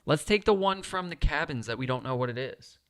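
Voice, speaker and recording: A man's voice: on the high side, animated, a little fast, fairly bright tone, no room sound. A man talking himself through a solo board game playthrough, chatty and upbeat as he explains each move.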